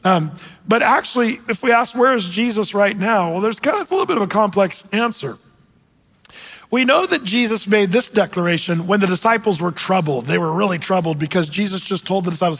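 A man preaching a sermon as a pastor, telling stories in a conversational way and slowing down to stress key phrases. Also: high-pitched, expressive, fairly bright tone, long reverb tail. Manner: conversational, storytelling, emphatic with slow stressed phrases.

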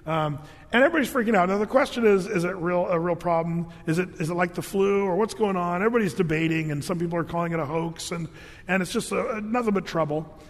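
A man preaching a sermon, telling jokes and stories in a casual, animated way. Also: sits high, fast, long reverb tail. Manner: storytelling, animated with jokes and asides. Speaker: pastor.

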